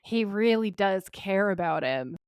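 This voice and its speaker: A woman's voice: medium pitch, a little slow, clear, resonant tone, no echo, studio quality. A woman co-hosting a podcast, casually recapping an episode and acting out the characters' lines as she goes. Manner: animated retelling, acting out quoted lines. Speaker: podcast co-host.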